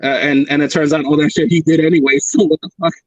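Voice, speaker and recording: Crude joking podcast dude, voice a bit high, dry close mic. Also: male voice, steady tone, fast talker, dry recording, low-quality recording. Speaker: podcast co-host. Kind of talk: casual chat.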